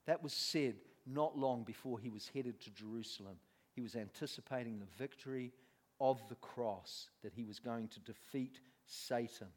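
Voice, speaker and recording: A man's voice: medium pitch, moderate pace. A man preaching a sermon, telling a story with lots of laughter and acted-out voices.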